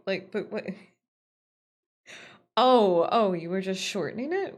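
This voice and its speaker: A woman's voice: mid-range voice, expressive, takes it slowly, pauses often. A woman streaming a game, chatting casually with viewers in a playful, teasing way and laughing often. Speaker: VTuber streamer. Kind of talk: casual live-stream chat.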